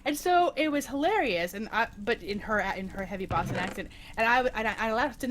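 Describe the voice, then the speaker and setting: A woman chatting casually with friends on a stream, telling a rambling, animated story with many restarts. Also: on the high side, fairly quick, hardly any pauses, slight background noise.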